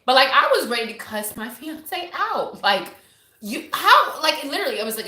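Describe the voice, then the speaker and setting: A woman's voice: high-pitched, normal speed, roomy sound. A woman in her thirties hosting a live show from her home office, chatting candidly with viewers and telling stories with lots of energy. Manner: candid, animated storytelling. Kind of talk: casual chat to viewers.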